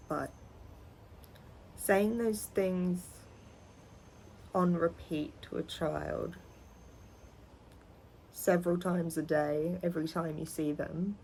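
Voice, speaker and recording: A young adult trans man telling personal stories in a candid, rambling vlog, pausing often. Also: on the high side, gravelly, darkish tone, slight background noise, poor audio. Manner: candid, rambling, halting with frequent pauses. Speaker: vlogger.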